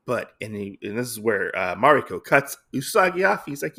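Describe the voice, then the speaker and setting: A man hosting a podcast in a casual recap of a comic story. He talks at a middle pitch with a gravelly edge, and he rambles along with a lot of fillers. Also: animated, measured pace, fairly bright tone. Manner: rambling, filler-heavy retelling. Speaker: podcast host.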